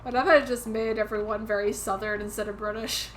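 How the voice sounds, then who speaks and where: A woman's voice: mid-range voice, fairly even intonation, a little fast, background noise. A woman streaming a video game and musing aloud in a rambling, casual way. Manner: rambling, musing, laughs at herself. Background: game music.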